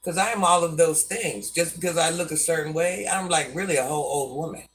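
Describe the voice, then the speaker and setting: Here a sixty-ish woman with a deep voice runs a live stream full of folksy life advice, dubbing herself Granny and calling her audience "baby" and "hun." She speaks a little fast, picked up by a distant mic.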